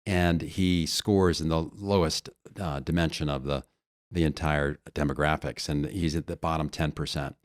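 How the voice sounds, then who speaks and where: A man's voice: very deep voice, steady tone, moderate pace, dry recording, studio quality. A man coaching on leadership in a podcast conversation, earnest and explaining through stories and analogies.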